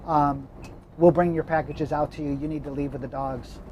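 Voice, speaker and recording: A man's voice: on the high side, steady tone, normal speed, a little mellow, a little hiss or hum, voice pushed down, lightly acted, poor audio. A man voicing a firm, polite female postmaster who asks someone to leave.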